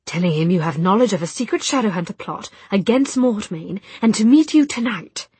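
A woman reading an audiobook, voicing a calm, composed young man with a breathy voice. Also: mid-range voice, a little fast, no echo. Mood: steady firm. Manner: calm, steady persuasion. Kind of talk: audiobook character voice.

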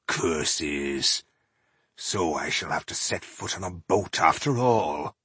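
A man voicing a gruff, boastful male dwarf warrior who talks in a blustering, commanding way. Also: low voice, animated, slow, a bit bright, no room sound, voice pushed down, full character voice. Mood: grumbling.

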